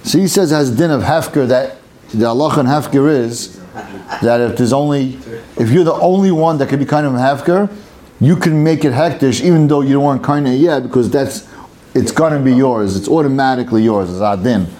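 Man at a mid pitch, reading and explaining a Talmud passage conversationally, acting out the case in it. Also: brisk, slight background noise. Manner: reads Aramaic text aloud and explains it in English; acts out the case with lively back-and-forth. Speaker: Talmud study leader. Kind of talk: casual Talmud study session.

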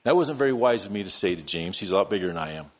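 A man preaching a sermon, telling a story that moves between quiet, hushed lines and loud, worked-up ones. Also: sits low, animated, racing. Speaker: pastor.

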